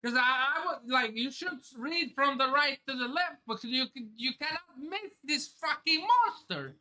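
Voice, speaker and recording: A woman's voice: high-pitched, animated, moderate pace, sharp tone. A woman hosting a live manga reaction stream, thinking aloud, exclaiming, swearing and laughing as she reads. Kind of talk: excited live reaction commentary.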